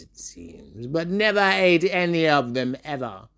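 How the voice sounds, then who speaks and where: A man performing a dramatic spoken monologue, his voice gravelly and full of fry. He talks slowly and unhurriedly, and his pitch leaps about, from bright and sing-song down to a low, sneering growl. He keeps turning to call out to listeners who aren't there. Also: big pitch swings. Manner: playful, addressing imagined listeners by name. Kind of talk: theatrical spoken monologue and storytelling.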